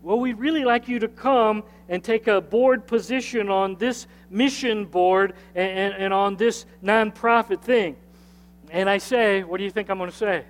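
A man with a high voice preaches to his congregation, driving his points home through repetition and inviting them to say the lines with him. His words ring out with a long reverb in a church sanctuary. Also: moderate pace. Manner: repetitive, emphatic preaching with call-and-response. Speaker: pastor. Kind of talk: sermon.

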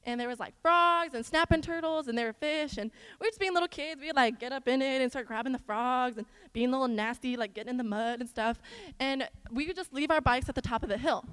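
A young woman from Iowa giving a chatty church lesson in an animated way, with stories and asides to the listeners. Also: high-pitched, fast talker, clean tone. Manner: animated, talks straight to the audience with asides. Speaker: church speaker. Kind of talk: chatty sermon with storytelling. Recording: long hall reverb.

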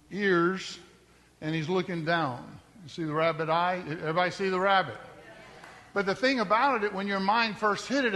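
Preacher guy, high bright voice, chatty sermon that builds up loud, big hall echo. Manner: conversational preaching with rising emphatic peaks. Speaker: pastor. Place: church sanctuary. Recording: long hall reverb.

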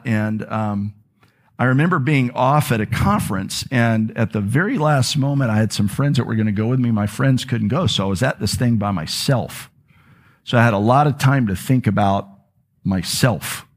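A male pastor preaching to a room full of people at a middle pitch. He tells a personal story in an earnest, confessional way. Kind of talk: sermon.

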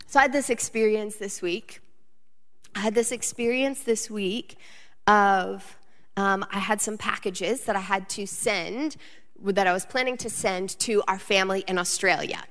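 A woman in her thirties preaching a sermon, telling a personal story and building to emphatic, animated lists. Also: medium pitch, unhurried, big-room sound, faint music behind. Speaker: pastor.

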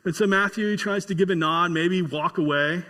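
A male pastor preaching a sermon with folksy humor and storytelling, building to excited emphasis. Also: high voice, moderate pace, in a large hall.

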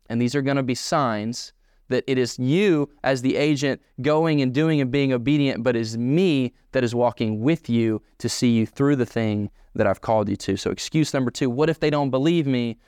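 A man's voice: medium pitch, normal speed, a little mellow, clean tone, no echo, studio quality. A man preaching a sermon as pastor, emphatic and repetitive, pressing his points home again and again.

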